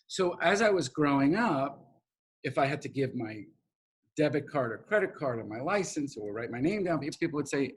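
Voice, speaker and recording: A middle-aged man with a New York accent, telling a heartfelt story as an interview guest, emotional and animated, acting out the people he quotes. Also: a little high, moderate pace, breathy edge.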